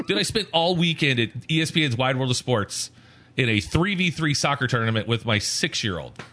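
A man in his forties co-hosting a podcast, telling animated stories with frequent laughter. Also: medium pitch, moderate pace. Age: 40s. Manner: animated storyteller, laughs often, mimics voices. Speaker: podcast co-host. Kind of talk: casual podcast chat.

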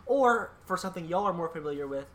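A woman's voice: on the low side, expressive, quick pace. A woman co-hosting a casual podcast, reading out facts with dry jokes and frequent ums. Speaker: podcast co-host presenting country facts.

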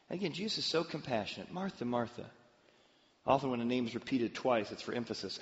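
A man's voice: medium pitch, brisk, in a large hall, lo-fi sound. A man preaching a sermon, telling stories and sometimes acting out the voices of the people in them. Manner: storytelling with lively acted-out voices. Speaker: pastor.

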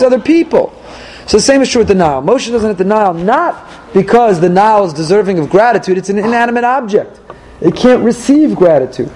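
High-voiced, mellow-toned man teaching Torah. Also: rough recording. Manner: teaches through strings of rhetorical questions with dry humor. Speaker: rabbi teaching a Torah class. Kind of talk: Torah class lecture to a live group. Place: class room in South Florida.

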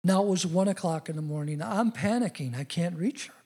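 A middle-aged man preaches a sermon in a high, brisk voice that is warm with a breathy edge. He tells personal stories earnestly, building to emphatic declarations.

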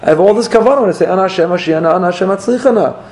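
A man voicing a desperate Hasidic follower who pleads with his rebbe in a strained, high voice. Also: animated, very fast, mellow, slight background noise. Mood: pleading.

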